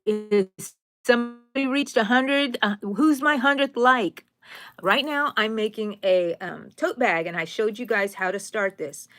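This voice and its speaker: A middle-aged woman with a drawl chats through a crochet live stream. Her talk is rambling and homey, and she greets her viewers one by one. Her pitch sits in the middle for a woman, and she turns soft and sentimental easily. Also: a little slow. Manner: tender and sentimental. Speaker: crochet channel host. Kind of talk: casual live-stream chat while crocheting.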